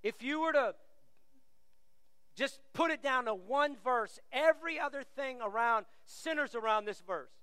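Middle-aged pastor guy, high bright voice, smooth, big hall echo, acts out quotes. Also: animated, unhurried. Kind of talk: sermon.

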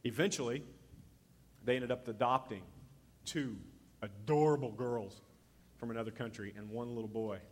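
A man preaching a sermon as pastor, telling the story in an animated way and acting out the voices he quotes. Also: medium pitch, normal speed, long pauses, slightly rough, long reverb tail.

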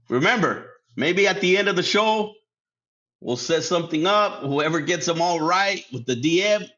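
A man with a medium-pitched, fairly bright voice hosts a casual solo podcast, laughing often, swearing freely and slipping Spanish words into his English. The recording sounds dull and lo-fi.

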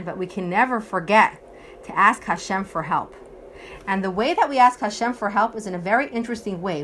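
A woman's voice: fairly high pitch, fairly bright tone, slight background noise. Earnest woman teaching a text lesson. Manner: earnest, explains phrase by phrase, quotes Hebrew text. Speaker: Torah teacher.

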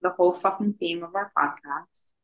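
A young woman co-hosting a podcast, rambling casually with lots of "like" and animated storytelling. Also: on the low side, moderate pace, narrow, tinny audio. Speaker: podcast co-host. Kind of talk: casual chat.

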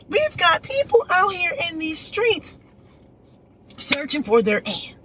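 A woman's voice: very high-pitched, slow pace, a little hiss or hum. An American woman hosting her own channel, giving opinionated livestream commentary and answering viewers by name. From United States. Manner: opinionated, animated, reads chat aloud. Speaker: channel host.

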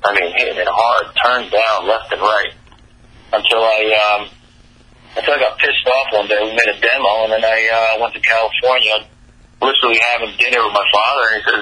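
A middle-aged man, a rock singer, telling his story in a rambling, halting way full of fillers. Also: on the low side, steady tone, pushed and bright, breathy edge, low-quality recording. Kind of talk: casual storytelling interview.

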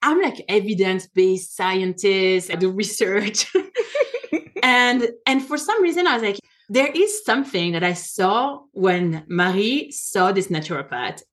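A woman in her forties, a physician, tells a personal story in conversation, animated, laughing often and correcting herself mid-sentence. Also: mid-range voice, unhurried, hardly any pauses. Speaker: physician guest, rheumatologist.

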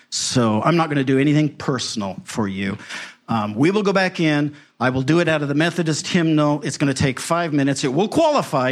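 A middle-aged man, a pastor, telling a story in a folksy, animated way with wry asides. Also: mid-range voice. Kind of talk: storytelling sermon.

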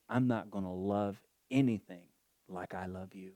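Fervent low-voiced male preacher. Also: steady tone, mellow, no echo. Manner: fervent, emotional, drawn-out preaching. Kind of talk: sermon.

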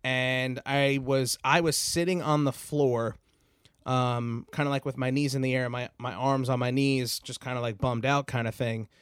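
A man's voice: mid-range voice, little pitch movement, moderate pace, clear, resonant tone, no echo, clean studio sound. A young man hosting a podcast, telling a long personal story in a rambling, casual way, full of fillers and swearing. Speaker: podcast host.

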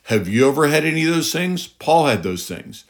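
A man's voice: on the high side, big pitch swings, normal speed. A middle-aged man preaching a sermon, emphatic, with rhetorical questions and a voice that climbs on key points.

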